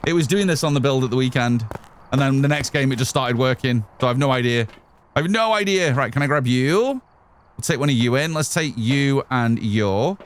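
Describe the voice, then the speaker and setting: Playing a game on stream, this man talks briskly in an expressive mid-range voice. His commentary is chatty, aimed partly at his chat and partly at himself.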